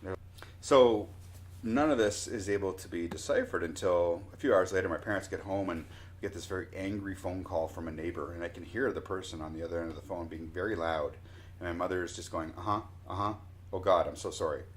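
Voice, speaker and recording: A Canadian man in his forties telling a personal anecdote in a casual, animated way, often restarting his sentences. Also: low-pitched, a little fast. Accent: Canadian English. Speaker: storyteller.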